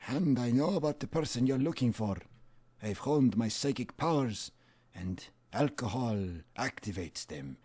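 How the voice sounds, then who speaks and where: A man's voice: medium pitch, lively intonation, unhurried, a little mellow, slightly rough, voice pushed up. A man voicing a drunk old man in a desert tavern who rambles theatrically and begs for beer. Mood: grand, knowing. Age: older.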